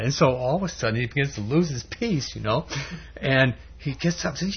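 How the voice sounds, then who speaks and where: A man's voice: mid-range voice, expressive, brisk, husky. A man preaching a sermon in a loose, conversational storytelling manner, on a dull lo-fi recording.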